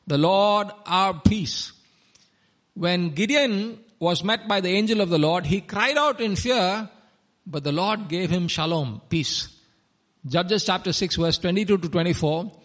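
A high-pitched man delivering a sermon. He reads scripture passages in a slow, deliberate way, then explains each phrase. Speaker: preacher.

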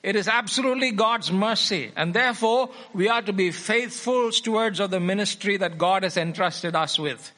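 A man's voice: sits high, normal speed, hardly any pauses, bright, forceful tone. A man preaching a sermon, reading scripture aloud and repeating key phrases for emphasis.

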